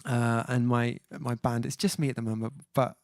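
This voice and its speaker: A man's voice: medium pitch, flat delivery, normal speed, no room sound, studio quality. A man hosting his own music livestream, chatting casually and reading viewer comments aloud, hesitant with many fillers as he sounds out foreign words. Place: at home, indoors.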